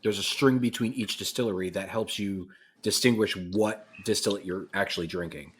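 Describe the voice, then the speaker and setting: A man's voice: low-pitched, moderate pace. A man who is a guest on a podcast, joking and self-deprecating with a rambling way of talking. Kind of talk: casual podcast chat. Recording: faint background noise.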